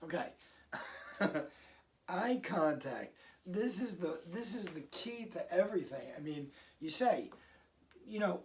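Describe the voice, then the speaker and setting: A man speaking as a parenting coach in a casual, conversational way, now and then acting out parents and kids in quick asides. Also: high voice, sing-song, a little mellow, distant mic. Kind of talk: casual advice talk to camera.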